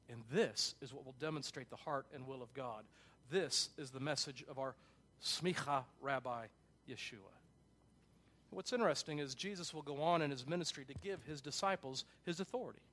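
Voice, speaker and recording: A man with a high voice preaches to his congregation. He is emphatic, rising to loud passages and dropping to quiet ones. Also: a little fast. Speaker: pastor. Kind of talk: sermon.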